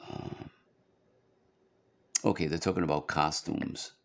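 A man's voice: deep voice, lively intonation, measured pace, creaky, slight background noise. A man giving a casual, rambling drawing tutorial, chatty and full of fillers as he works through a book. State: hiccups. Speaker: drawing instructor.

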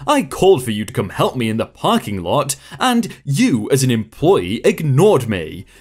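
A woman's voice: a bass voice, sing-song, normal speed, a little mellow, breathy edge, full character voice. A man voicing an entitled middle-aged woman shopper. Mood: indignant. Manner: demanding, indignant.

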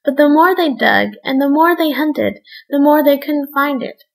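A woman reading a fairy tale aloud as a bedtime story, in a measured storybook manner. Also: high-pitched, lively intonation, low-quality recording.

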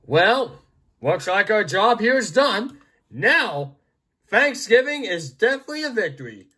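A man voicing a cheerful, friendly male builder in an amateur storybook act, talking slowly and gently. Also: high voice, big pitch swings, breathy edge, exaggerated voice. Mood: upbeat.

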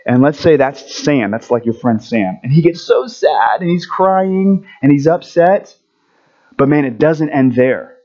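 A man giving a children's story at a church service, friendly and animated, asking the kids questions as he goes. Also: a little high, unhurried, lo-fi sound.

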